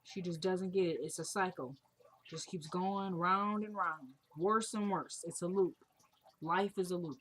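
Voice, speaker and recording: A woman's voice: fairly low pitch, measured pace. Casual woman recapping a TV episode. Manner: retells scenes quoting characters, gets excited and loud. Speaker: TV show recapper.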